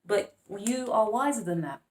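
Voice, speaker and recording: A woman tarot reader with a medium-pitched, expressive, slightly mellow voice gives a casual monologue at a moderate pace. Chatty and playful, she laughs often, calls viewers babes and darling, and rambles with frequent restarts.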